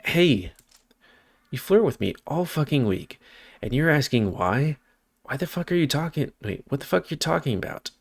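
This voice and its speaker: A man's voice: mid-range voice, animated, moderate pace, a little mellow, lightly acted. A man voicing a young male otter in a visual novel, intense and swearing when he gets upset. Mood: angry. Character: young male otter, earnest then angry.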